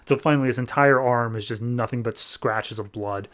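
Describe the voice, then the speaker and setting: Man, podcast host, casual comic recap, wry, sarcastic, mid-pitched. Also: fairly quick, fairly bright tone.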